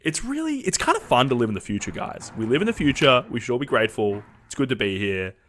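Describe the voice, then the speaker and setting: A man's voice: medium pitch, sing-song, fast talker, a bit bright, a little hiss or hum. A man with an Australian accent hosting a podcast in a casual, upbeat and joking way, rambling between topics. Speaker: podcast host. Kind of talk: casual show hosting with sponsor reads.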